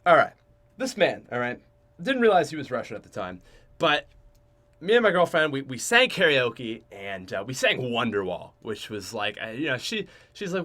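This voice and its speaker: A young man in his twenties hosting a podcast, telling a rambling, joking story about himself with lots of restarts and sudden swings between loud and soft. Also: mid-range voice, very animated, normal speed. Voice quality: chatty, joking, self-mocking. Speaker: podcast host.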